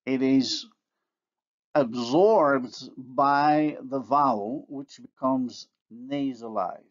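A male university lecturer talks through phonology examples at a slow, measured pace, stopping to sound out each word. His voice sits at a middle pitch and comes through a slightly dull, lo-fi recording. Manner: slow, deliberate, pausing to model example words.

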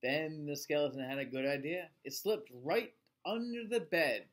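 A male teacher reading a picture book aloud to children in an expressive voice, asking them questions along the way. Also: on the high side, moderate pace. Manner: expressive, asks listeners questions.

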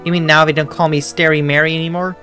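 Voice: medium pitch, little pitch movement, quick pace, sharp tone, faint music behind, voice pushed down, natural voice. Gamer doing a cheerful young shop girl.

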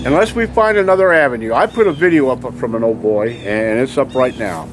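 A man's voice: mid-range voice, brisk, a little hiss or hum. A man in an angry, heated monologue, speaking emphatically and repeatedly checking in with his listeners. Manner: heated and emphatic, keeps asking "okay?". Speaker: vlogger. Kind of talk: angry ranting monologue to camera.

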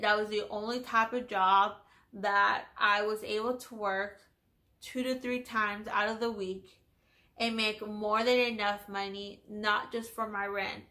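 A twentysomething woman vlogger tells a personal story in a casual vlog, her medium-pitched voice bright and forceful. She's candid and profane and says "like" constantly.

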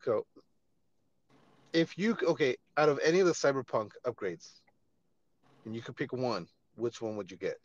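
A man hosting a casual podcast chat, laid-back and quick to laugh and swear. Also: mid-range voice, expressive, lo-fi sound. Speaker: podcast host.

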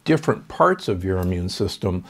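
A man's voice: low voice, very animated, normal speed, gravelly. An older man, a doctor hosting a podcast, giving confident health advice in conversation. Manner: confident, explanatory, with fillers.

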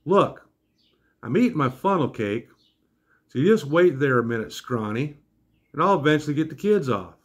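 A man voicing a loud, bossy woman carnival worker who scolds in a high, shrill voice. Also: expressive, moderate pace, long pauses, slightly rough. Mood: snapping.

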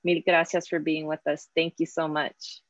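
A woman's voice: sits low, little pitch movement, normal speed, no room sound, muffled recording. A woman hosting an online class conversation, chatty and casual, slipping in Spanish words. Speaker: host and professor.

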